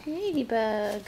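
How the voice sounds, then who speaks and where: Slow, gravelly-voiced woman coaxing a toddler. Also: on the high side, warm tone, a little hiss or hum. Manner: slow, encouraging, sing-song prompting. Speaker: parent.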